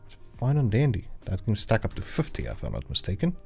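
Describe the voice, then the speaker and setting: A man's voice: mid-range voice, very animated, fairly quick, a little mellow, breathy edge. A man chatting casually while livestreaming a survival game, rambling with lots of fillers and self-corrections. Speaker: livestreaming gamer. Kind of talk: casual gameplay livestream chat. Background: royalty-free background music.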